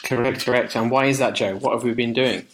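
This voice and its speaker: A man's voice: mid-range voice, fairly even intonation, fast, a little hiss or hum, low-quality recording. A man co-hosting a music podcast in casual chat, chatty and self-mocking, often laughing.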